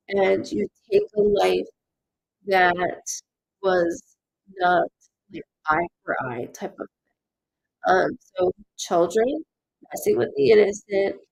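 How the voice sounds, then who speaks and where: Woman, psychic medium on a live stream, husky, close and dry mic, rambling delivery full of fillers. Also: mid-range voice, no room sound, rough recording. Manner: animated, rambling, many fillers and restarts.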